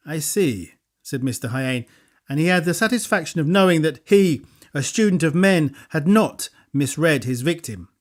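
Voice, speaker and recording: A man narrating an audiobook thriller in a measured, even storytelling delivery. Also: a little high. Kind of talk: scripted narration.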